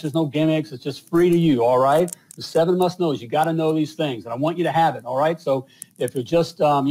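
A man in his 50s with a voice on the high side and a darkish tone hosts a live podcast show, rambling casually with many fillers and repeated "all right?" The recording is rough.

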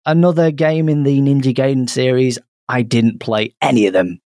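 A man's voice: medium pitch, fairly even intonation, moderate pace, warm tone, dry recording, clean studio sound. A man with a Northern English accent hosting a gaming podcast, bantering and joking at his own expense. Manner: joking, self-mocking banter. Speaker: podcast host. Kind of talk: casual chat.

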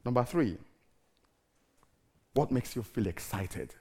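A middle-aged man preaching a sermon in an animated, theatrical way, firing rhetorical questions at the congregation. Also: mid-range voice, slow pace, slightly rough.

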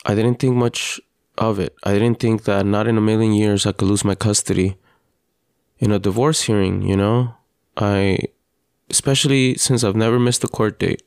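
Earnest low-voiced man, halting talk. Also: steady tone, darkish tone, smooth, dry recording, clean studio sound. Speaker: podcast host; father. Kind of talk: personal monologue.

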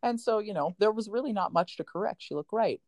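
A woman's voice: mid-range voice, lively intonation, brisk, a little mellow. A woman, a competition coach, telling a heartfelt story as a guest and close to tears.

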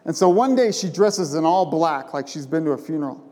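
In an expressive, slightly high and mellow voice, a male pastor delivers an emphatic yet conversational sermon. He regularly checks in with the congregation using quick rhetorical questions, while the sanctuary's long reverb trails each phrase.

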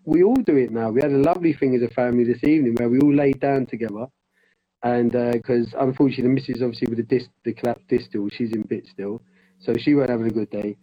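A man's voice: mid-range voice, steady tone, fast, husky, lo-fi sound. A man and life coach in training, talking in a casual conversation, rambling with frequent restarts.

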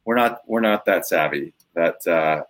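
Animated man hosting a podcast. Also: sits low, unhurried, slight background noise. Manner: animated, riffing on bits. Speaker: podcast host. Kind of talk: casual podcast banter.

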